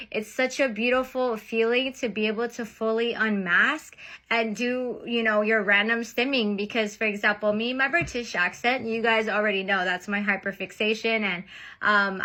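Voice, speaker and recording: A woman's voice: fairly high pitch, pushed and bright. A young adult woman talking casually to camera in a reaction vlog, earnest and chatty, often stopping on filler phrases. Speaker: content creator.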